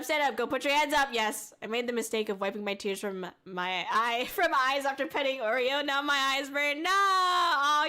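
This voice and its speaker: A woman's voice: a little high, pushed and bright, clean tone. A woman VTuber streamer chatting casually on a livestream, reading viewer messages aloud, giggling often and swearing freely.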